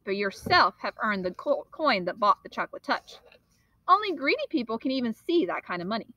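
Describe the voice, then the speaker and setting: A woman reading a storybook aloud and voicing a calm, sly old shopkeeper who speaks in an unhurried, gently lecturing way. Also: fairly high pitch, no room sound, poor audio. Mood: explaining.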